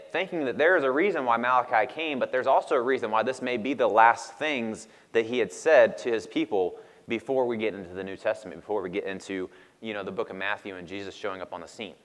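A man in his thirties delivers a laid-back, conversational sermon in a medium-pitched voice. His speech carries a long reverb tail from a large hall. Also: fast, fairly bright tone. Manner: casual, conversational, laughs often. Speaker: pastor.

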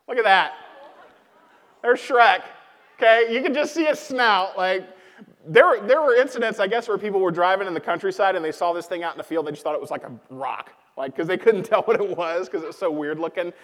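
A man's voice: sits high, brisk, a bit bright. A man preaching a sermon as pastor, speaking in a loose conversational way with many fillers and repeated key lines. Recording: long hall reverb.

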